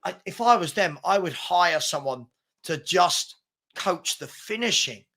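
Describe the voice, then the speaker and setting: English male co-host, slightly high voice, chatty rambling match commentary. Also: lively intonation, a little slow, sharp tone. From England. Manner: chatty, rambling, lots of fillers and restarts. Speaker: live stream co-host. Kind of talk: casual live football commentary.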